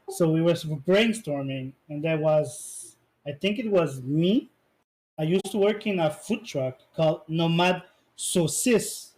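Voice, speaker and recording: Higher-voiced man, casual interview answers. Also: unhurried, darkish tone, low-quality recording. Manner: rambling, searches for English words. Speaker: esports player being interviewed.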